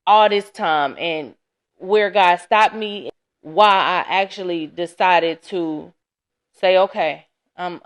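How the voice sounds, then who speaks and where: A woman hosting a casual solo podcast, chatty and candid, sounding tired and laughing often. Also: fairly low pitch. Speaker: podcast host. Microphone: camera.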